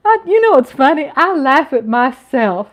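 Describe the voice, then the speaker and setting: A middle-aged woman hosting a casual livestream from home, chatting with viewers, reading their comments aloud, laughing often and sometimes dropping into a hushed whisper. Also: sits high, sing-song, normal speed. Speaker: livestream host. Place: home, at night.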